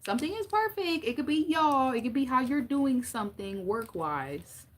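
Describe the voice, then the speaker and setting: A woman's voice: fairly high pitch, big pitch swings, moderate pace, a bit bright, a little hiss or hum. A young woman giving a casual tarot reading, blunt and profane, joking and laughing often as she talks. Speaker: tarot reader.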